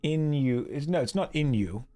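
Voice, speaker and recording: Slightly high-pitched and animated at a moderate pace, this Englishman chats casually with his viewers while streaming an online game. He reads out their messages in a wry, teasing way and warmly thanks anyone who donates.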